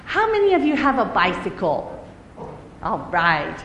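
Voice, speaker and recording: A woman telling a children's story in a lively, expressive way. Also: mid-range voice, measured pace, a little hiss or hum. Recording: echoey hall with faint ambience.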